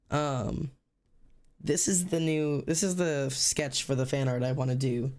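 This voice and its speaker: A man with a sore throat, chatting casually on a livestream while he draws, rambling and swearing freely in a deliberately low-energy way. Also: little pitch movement, a little mellow.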